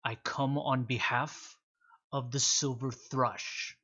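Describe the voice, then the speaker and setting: A man voicing a huge, dead-eyed male beast who delivers a message in slow, heavy, deliberate speech. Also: mid-range voice, little pitch movement, sharp tone, husky, muffled recording, heavily acted. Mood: menacing.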